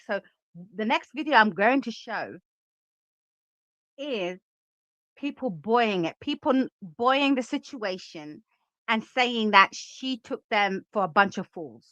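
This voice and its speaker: A woman talks straight to her viewers in casual livestream commentary, opinionated and emphatic as she reacts and reads out the chat. Her voice is bright and forward, and the recording is dry and close with no room sound. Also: fairly high pitch, sing-song, measured pace, no echo, some chatter behind. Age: adult.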